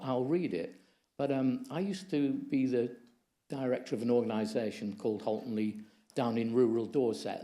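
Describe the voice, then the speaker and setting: Man, lecture presentation, mellow tone, measured, anecdotal. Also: mid-range voice. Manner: measured, reading from slides, anecdotal. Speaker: conference speaker.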